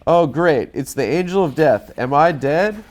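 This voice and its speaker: Earnest young hero dude, as a man with a cold reads him, kinda high, punchy. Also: expressive. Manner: plain reading, deliberately no accent. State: has a cold. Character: earnest young male hero, brave and heroic.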